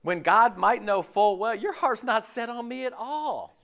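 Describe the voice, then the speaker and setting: Southern guy preaching, voice jumps all over, kinda high, chatty sermon. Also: measured pace. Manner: animated, conversational preaching, acts out quoted voices. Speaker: pastor.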